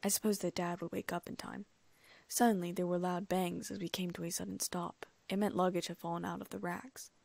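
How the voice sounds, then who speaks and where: Female audiobook reader, steady storytelling, slight vocal fry, close and dry. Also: fairly low pitch, fairly quick, no echo. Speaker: audiobook narrator. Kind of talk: first-person fan fiction reading.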